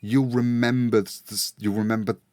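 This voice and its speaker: A British man with a lowish voice, chatting casually as a podcast co-host. He tells his stories lively, slipping into acted-out quotes, and the sound is close and dry. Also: normal speed, dry recording. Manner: animated storytelling with acted-out quotes. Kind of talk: casual chat.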